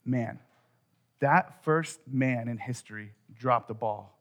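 This middle-aged man preaches as a pastor, speaking slowly at a medium pitch. His delivery is conversational, falling to a hush and then swelling into loud emphasis.

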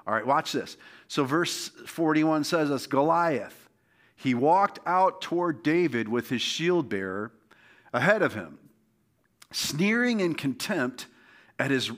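A man's voice: mid-range voice, fairly bright tone. A man preaching a sermon as pastor, impassioned and exhorting, often urging his listeners on. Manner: impassioned, exhorting, repeats "come on" and "all right".

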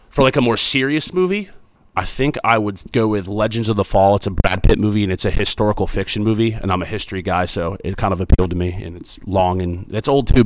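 A man's voice: fairly low pitch, fairly bright tone. A man in his thirties, a school principal, answering student questions in a chatty, upbeat, joking way. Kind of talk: casual interview answers.

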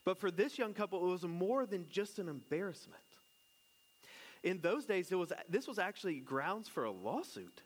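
A man's voice: sits high, very animated, normal speed. Chatty, joking man preaching. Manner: chatty and joking, asks the congregation questions. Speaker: pastor. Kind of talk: casual conversational sermon.

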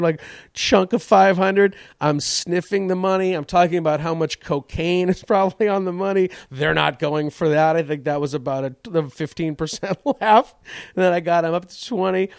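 A man's voice: a little high, dry recording, studio quality. A man hosting his podcast, telling a profane, self-mocking story about a stand-up gig. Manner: animated, swearing, self-mocking. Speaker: comedian podcast host.

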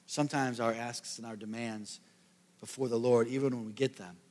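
A man preaching a sermon to a congregation, telling a Bible story with lively asides and jokes. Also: mid-range voice, moderate pace, big-room sound. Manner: animated storytelling, jokey asides. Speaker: pastor.

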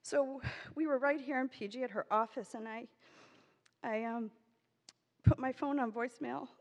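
Woman storyteller, slightly high voice, animated, acts out voices; long hall reverb. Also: moderate pace. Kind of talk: personal storytelling.

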